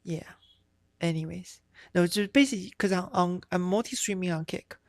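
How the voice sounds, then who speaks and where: A woman's voice: lowish voice, a little fast, dry recording. A woman streamer chatting casually on a live stream, rambling and swearing, with many fillers and restarts.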